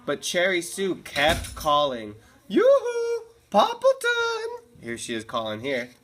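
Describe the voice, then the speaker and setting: A woman's voice: a bass voice, expressive, a little slow, pushed and bright, soft background music. A woman teacher reading a picture book aloud to her class in a classroom, with chatty asides and easy laughs.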